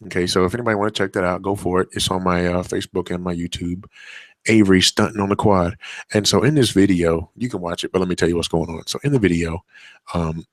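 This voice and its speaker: A man's voice: deep voice, fairly even intonation, fast, no room sound. A man, hosting a solo show and telling a rambling story about his toddler son, with lots of fillers and restarts. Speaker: podcast host. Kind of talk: casual solo monologue.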